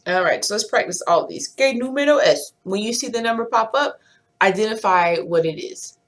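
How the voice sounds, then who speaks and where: A woman teaching a language lesson, explaining in English and slowly counting and quizzing numbers aloud. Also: mid-range voice. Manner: slow, deliberate counting with clear pronunciation drills. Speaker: Spanish teacher.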